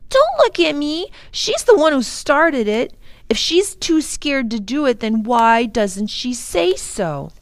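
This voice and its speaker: A cocky boy who teases and goads his sister, voiced by a woman reading a storybook. His lines come out loud and a little raised, with a lively lilt. It sounds close and dry. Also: sits high, slow pace, no echo, voice pushed up, full character voice. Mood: taunting. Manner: loud, taunting. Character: teasing boy, bossy and cocky.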